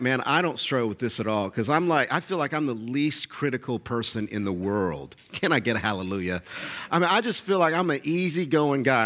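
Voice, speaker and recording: Male pastor, middle-aged, high tenor, preaching with punchy repetition and call-outs to the crowd. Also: fairly bright tone. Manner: emphatic, repetitive, calls for audience responses. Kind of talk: sermon.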